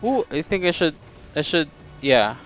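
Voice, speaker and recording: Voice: medium pitch, very animated, fairly bright tone, dull audio, soft background music. A young adult gamer with a Filipino accent, reacting playfully over gameplay. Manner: playful, exclaiming, slow and drawn out. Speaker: gamer streamer. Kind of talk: casual gameplay commentary.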